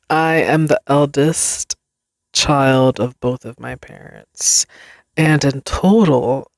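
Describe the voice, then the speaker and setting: Young woman solo podcast host: slow, loose rambling delivery, self-deprecating, laughs a lot, dry close sound. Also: very deep voice, creaky, no room sound. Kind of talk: casual solo podcast chat.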